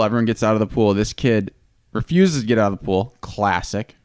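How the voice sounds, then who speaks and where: A man's voice: lowish voice, brisk, darkish tone, clean tone, no echo, studio quality. Blunt sarcastic man telling a story. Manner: blunt, sarcastic, heavy swearing. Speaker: podcast co-host. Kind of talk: casual storytelling chat.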